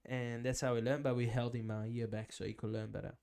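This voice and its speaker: A man's voice: mid-range voice, flat delivery, fast, gravelly, darkish tone, clear, resonant tone. A middle-aged man from Italy, a guest chef telling stories in a casual podcast chat and laughing easily.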